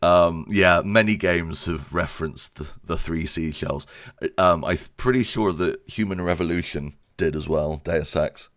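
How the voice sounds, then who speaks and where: Slow, low-voiced rambling man. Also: a bit bright. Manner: rambling, self-deprecating, laughs often. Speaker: YouTube creator. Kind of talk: casual channel update chat.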